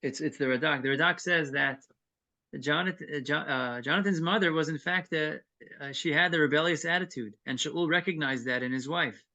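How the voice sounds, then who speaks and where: A man's voice: fairly high pitch, brisk, sharp tone. A man teaching an evening text-study class, reading Hebrew verses and then explaining them earnestly. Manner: earnest and explanatory, with brief chuckles.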